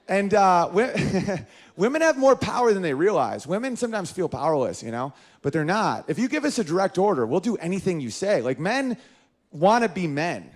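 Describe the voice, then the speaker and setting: Stand-up comedian, man in his thirties, lively and a touch high-voiced. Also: moderate pace. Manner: animated, jumps into high-pitched character voices.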